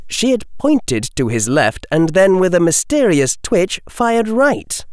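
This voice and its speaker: Sex: man. Role: audiobook narrator. Style: expressive, lively storytelling. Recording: dry studio sound. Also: medium pitch, clear, resonant tone, no room sound.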